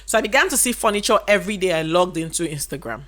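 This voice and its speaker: Her voice is on the low side yet a bit bright, animated and quick. The woman, a business educator, delivers an informal lesson to camera, leaning on rhetorical questions and restating key points for emphasis.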